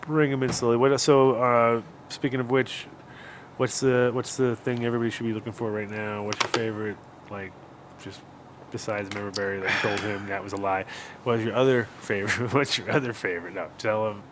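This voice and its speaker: A man's voice: on the low side, level tone, fairly quick, noisy background. A man hosting a casual podcast chat, teasing his guest and prompting him with questions. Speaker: podcast host.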